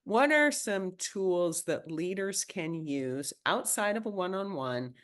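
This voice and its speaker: Brisk moderator voice, quick mid-sentence pace in webinar Q&A. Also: mid-range voice, animated, fairly bright tone.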